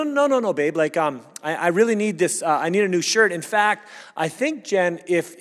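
A male pastor delivers a sermon in an easy, conversational way, circling back over his words as he thinks aloud. His voice sits a little high for a man, and it rings out with a long reverb through the sanctuary. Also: a bit bright. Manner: earnest, conversational preaching with repeated restarts. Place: church sanctuary.

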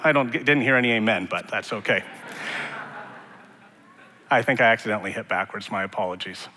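A male pastor delivers a sermon, mixing scripture with casual jokes. His voice is bright and forceful. A long reverb from the sanctuary trails each phrase. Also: on the low side, fairly quick. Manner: conversational, joking asides. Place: church sanctuary.

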